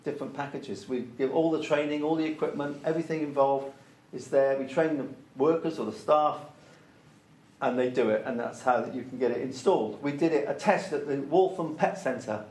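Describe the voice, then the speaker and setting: A man talks through anecdotes with firm emphasis, circling back to repeat his main points. His voice sits at an ordinary middle pitch. The room around him gives off a noticeable echo. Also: normal speed, a little mellow. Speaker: interviewee, organic soil product promoter. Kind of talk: anecdotal storytelling in conversation.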